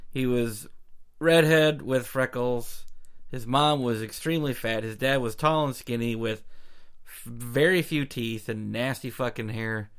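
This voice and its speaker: A man's voice: mid-range voice, unhurried, smooth. A man in his thirties co-hosting a podcast, chiming in with crude jokes in casual talk. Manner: crude joking interjections. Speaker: podcast co-host.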